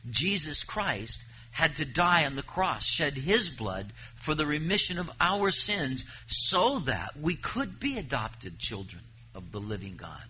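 A man's voice: fairly high pitch, pushed and bright, dull audio, a little hiss or hum. A man preaching a sermon, reading scripture aloud and pressing his points with emphasis.

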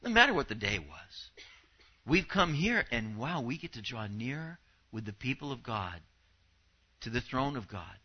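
A middle-aged man preaching a sermon as pastor, telling a personal story and often dropping to a hushed voice. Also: mid-range voice, sing-song, a little slow, breathy edge. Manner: storytelling, drops to a hushed voice in anecdotes. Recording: dull lo-fi church recording.

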